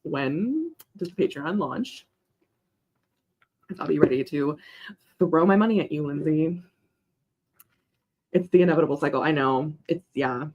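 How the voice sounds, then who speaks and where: A woman's voice: low-pitched, lively intonation, measured pace, long pauses, a little mellow, dull audio. A young woman hosting a casual co-working stream. She rambles between chat messages and coos at her dog. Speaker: writing livestream host.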